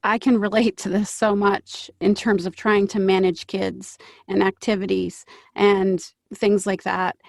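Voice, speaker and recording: A female podcast co-host giving measured, analytical commentary. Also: medium pitch, flat delivery, vocal fry, no echo, studio quality. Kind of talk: conversational podcast interview.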